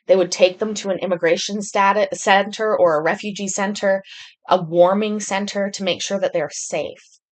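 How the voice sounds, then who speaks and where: A woman's voice: medium pitch, fairly even intonation, moderate pace. A woman hosting a casual commentary show, talking in a rambling, candid way. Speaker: host. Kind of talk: casual commentary on court videos.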